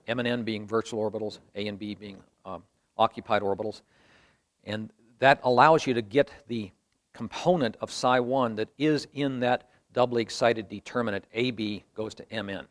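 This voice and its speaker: A man lecturing a university class, explaining each step patiently and thinking aloud as he works through equations at the board. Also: medium pitch.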